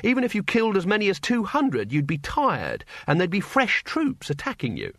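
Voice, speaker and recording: A man's voice: sits high, huge pitch swings, normal speed, a bit bright, no room sound, studio quality, pitched above the performer's own voice, heavily acted. Prim fretful male teacher, as a narrator plays him, storybook voice, raised and anxious. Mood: protesting. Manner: prim, protesting. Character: fussy nervous male schoolteacher.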